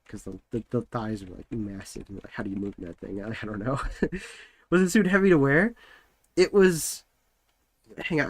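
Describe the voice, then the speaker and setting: A young man streaming from home, chatting casually and rambling with lots of filler words while he works. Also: fairly low pitch.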